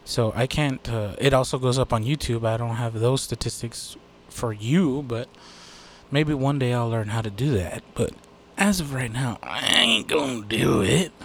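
A man's voice: mid-range voice, normal speed, slight background noise. A man hosting his own podcast in a rambling, casual way, swearing freely and joking at his own expense. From United States. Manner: rambling, profane, self-deprecating, many fillers. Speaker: podcast host. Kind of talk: casual solo podcast chat.

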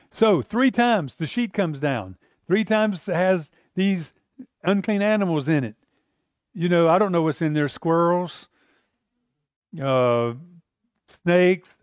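A pastor preaching a sermon in a loose, conversational way, often restarting and acting out the people in the story. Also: male voice, high-pitched, animated, moderate pace, no echo, studio quality.

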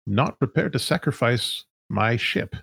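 A man voicing a calm, practical male giant AI ship who speaks in a brisk, matter-of-fact way in a tabletop game. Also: medium pitch, creaky, slightly rough, dry recording, heavily acted.

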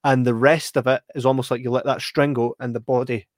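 A young man in casual chat, telling a story with animated delivery, frequent laughter and acted-out quotes. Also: mid-range voice, a little fast, dry recording. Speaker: podcast co-host.

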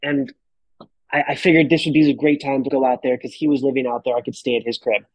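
Animated, swearing man telling a story. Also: medium pitch, quick pace, no room sound, poor audio. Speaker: podcast guest. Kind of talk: casual storytelling.

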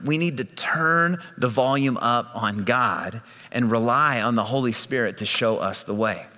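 Bright-voiced male pastor in a reverberant hall. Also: medium pitch. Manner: conversational storytelling with repeated restarts. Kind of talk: sermon.

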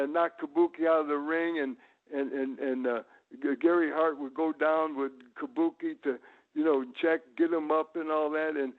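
Man rambling through stories on a tinny phone line. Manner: rambling, many repeated "and, and" starts; bursts into loud high showman shouts. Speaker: guest, retired pro wrestler. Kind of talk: casual storytelling.

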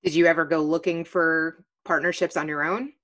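A woman's voice: deep voice, steady tone, normal speed, a bit bright. A woman hosting a casual interview, asking friendly, enthusiastic questions.

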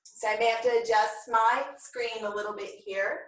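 A woman teaching a yoga class, calmly and slowly cueing each breath and movement. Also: a little high. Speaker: yoga instructor. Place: home room, filmed on own camera. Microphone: camera mic at a distance. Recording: very echoey room, voice far from the mic.

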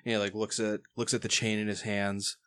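A man narrates as game master with a somewhat low voice. His delivery is loose and rambling, packed with fillers and quick laughs. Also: level tone, fairly bright tone, clean tone.

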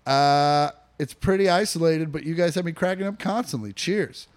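A young man co-hosts a casual podcast from a living room, rambling with lots of fillers, restarts and swearing. His voice is on the high side and animated, at a moderate pace.

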